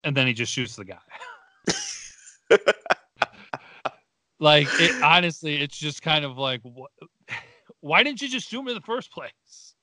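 A man's voice: on the high side, lively intonation, measured pace, long pauses, bright, forceful tone, no room sound, studio quality. A young man co-hosting a podcast, chatting casually and laughing often as he retells movie scenes. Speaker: podcast co-host. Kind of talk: casual movie review chat.

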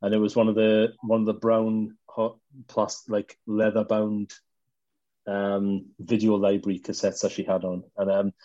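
A man co-hosting a casual podcast, telling stories in a rambling, relaxed way. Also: fairly low pitch, a little slow, no echo. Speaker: podcast co-host. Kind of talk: casual chat. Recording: dull lo-fi dry mic.

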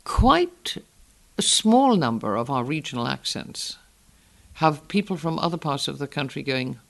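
An older woman from the Northeast of England with a Northern educated English accent, speaking in an articulate, emphatic, measured way as an interview guest. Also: low-pitched, big pitch swings, vocal fry. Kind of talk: reflective interview talk.

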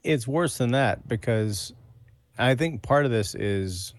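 Male podcast co-host with wry critical takes, lively intonation, dry close mic. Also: medium pitch, slow pace, no room sound. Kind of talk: casual film review chat.

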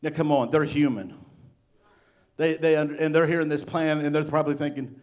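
A middle-aged male pastor giving a sermon, animated and playful, acting out little voices as he preaches. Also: a little high, fairly quick.

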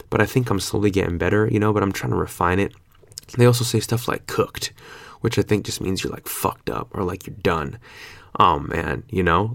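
In his twenties, a vlogger with a low voice and vocal fry rambles through a laid-back, slangy monologue, swearing freely and using lots of fillers. There's no echo on the recording.

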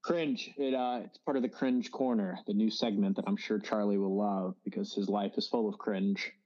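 A man's voice: lowish voice, steady tone, moderate pace, darkish tone. Rambling young man, dull recording. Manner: rambling storyteller, many fillers. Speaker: podcast host. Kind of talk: casual chat.

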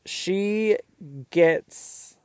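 A man hosting a casual, opinionated recap of a reality show, sometimes mimicking the cast in quick asides. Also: high voice, fairly even intonation, darkish tone, clear, resonant tone, no room sound. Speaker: recap host.

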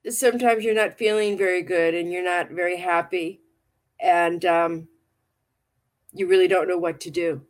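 A woman's voice: fairly low pitch, steady tone, moderate pace. A woman hosting a casual livestream chat and reading tarot cards, talking in a rambling, affectionate way and often repeating herself. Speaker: livestream talk show host and tarot reader.

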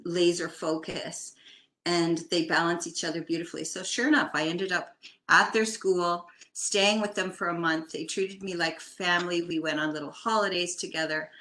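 Older Canadian woman, guest telling a story, lower bright voice, roomy echo. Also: fairly even intonation, normal speed. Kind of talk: casual storytelling.

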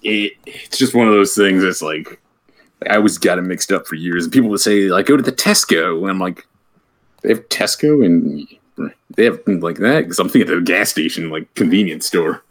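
A man's voice: low voice, normal speed. A man from the United States, a podcast co-host chatting casually and rambling with repeated words. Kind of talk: casual chat.

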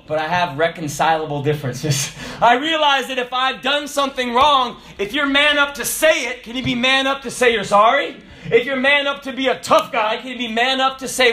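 A man preaching a sermon in an animated way, swinging from loud exclamations to hushed asides. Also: sits high, normal speed.

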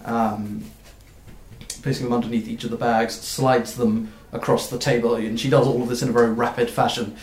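A man narrating as game master of a tabletop game, halting and full of fillers. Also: mid-range voice, little pitch movement, darkish tone, reverberant. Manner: halting, with many fillers and restarts.

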